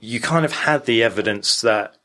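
A man's voice: mid-range voice, moderate pace, bright, forceful tone. A man co-hosting a podcast in casual chat, laughing often and poking fun at himself as he walks through old evidence. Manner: chatty, laughs often, self-deprecating. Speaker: podcast co-host.

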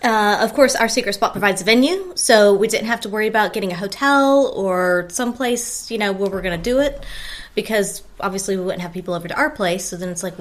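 A woman co-hosting a podcast in casual chat, relaxed and wry. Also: mid-range voice, brisk. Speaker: podcast co-host.

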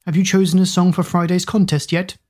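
Woman doing a booming, stern music teacher. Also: a little fast, natural voice. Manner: booming, monotone. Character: robust, towering female music teacher, stern.

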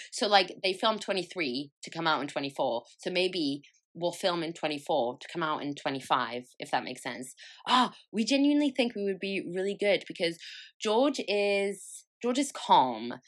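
A young woman, hosting a podcast and telling travel stories in a chatty, animated way, laughing and swearing freely. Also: deep voice. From France. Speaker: podcast host. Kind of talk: casual chat.

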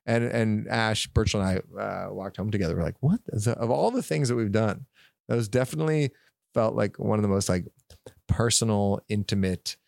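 Gravelly, animated podcast host. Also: male voice, fairly low pitch, normal speed, no echo, clean studio sound. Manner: rambling, laughing, acts out quoted dialogue. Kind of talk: casual chat, animated storytelling.

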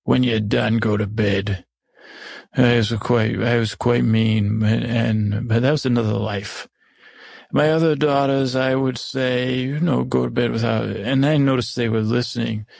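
In an improvised comedy, a man plays Agatha, an older stepmother who was once cruel but is now remorseful, telling her adventures in the first person. His gravelly, husky voice sits at medium pitch with little pitch movement and a slightly mellow quality, rambling, halting and correcting itself mid-sentence. The recording is dry and close.

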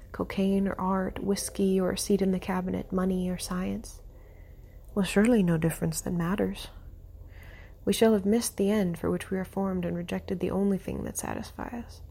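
A woman hosting a show, reading a devotional text aloud in a soft, often half-whispered voice, with brief comments of her own. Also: mid-range voice, creaky.

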